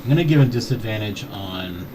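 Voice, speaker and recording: Animated man playing a tabletop game. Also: fairly low pitch, a little fast. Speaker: player. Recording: distant mic with noticeable hiss.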